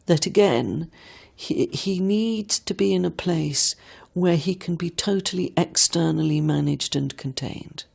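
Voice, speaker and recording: A woman reflecting slowly and thoughtfully as a psychologist in an interview. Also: lowish voice, creaky, a little mellow, husky. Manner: slow, thoughtful.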